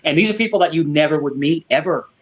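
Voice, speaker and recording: A man's voice: fairly high pitch, fast talker. A man chatting on an online panel in an upbeat, enthusiastic way. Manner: upbeat, enthusiastic, says dude. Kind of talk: casual online panel chat.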